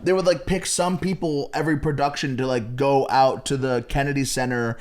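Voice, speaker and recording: A man's voice: medium pitch, fairly even intonation, brisk, a little mellow. A man from Connecticut, a stand-up comedian guest telling profane, laughing stories in a casual podcast chat. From Connecticut, USA.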